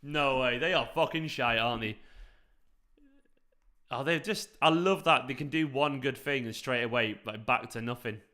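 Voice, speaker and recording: A young man hosts a live football watchalong for his fan channel, chatting casually, reacting to the play and greeting viewers by name as he reads the chat. His voice is medium-pitched and bright, with a forceful tone and a normal speaking speed.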